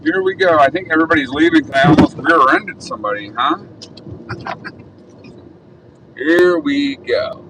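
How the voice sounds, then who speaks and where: Guy rambling on a phone livestream while driving, kinda high voice, phone mic a bit far off, road noise behind. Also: moderate pace, long pauses. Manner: chatty, reads viewer comments aloud. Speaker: livestream host. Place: in a car on city roads. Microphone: phone held in car. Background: traffic noise.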